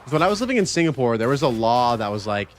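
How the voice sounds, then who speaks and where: Streaming a game, this man rambles easily with his audience in laid-back chat. His voice sits at a medium pitch and moves fast with a sing-song lilt.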